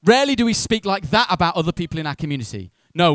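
A man's voice: sits high, big pitch swings, rapid-fire, hardly any pauses, fairly bright tone, no echo, clean studio sound. A man preaching a sermon in a conversational way, acting out voices of churchgoers with humor.

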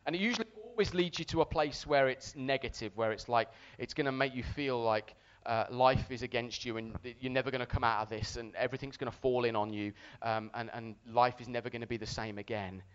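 A man preaching a sermon to a congregation, telling a story with animated, shouted re-enactments. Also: mid-range voice, a little fast, few pauses, clear, resonant tone, muffled recording.

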